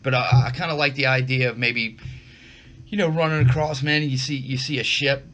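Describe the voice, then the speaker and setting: A man's voice: mid-range voice, fairly even intonation, fairly quick, fairly bright tone. A man co-hosting a casual podcast chat, rambling with lots of restarts and fillers. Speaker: podcast co-host.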